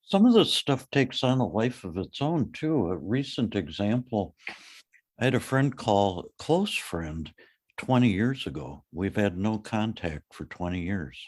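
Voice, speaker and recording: A man's voice: lowish voice, sing-song, a little slow, darkish tone. A man co-hosting a podcast, telling personal stories in a candid, plain-spoken, reflective way. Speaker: podcast co-host. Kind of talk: reflective casual discussion. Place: lives in Minnesota.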